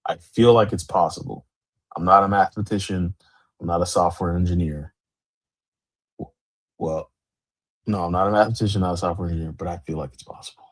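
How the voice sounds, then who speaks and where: A man's voice: deep voice, a little fast, pauses often. A man in his forties hosting a podcast, chatting loosely and rambling on a live stream. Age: 40s. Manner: loose, rambling, animated greetings. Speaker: podcast host. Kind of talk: casual livestream chat.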